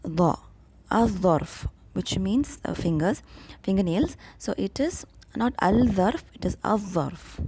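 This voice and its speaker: A woman's voice: medium pitch, lively intonation, measured pace, warm tone, a little hiss or hum. A woman teaching an Arabic grammar lesson, patiently repeating each example word with small fillers. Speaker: Arabic tutor. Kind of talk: step-by-step language lesson.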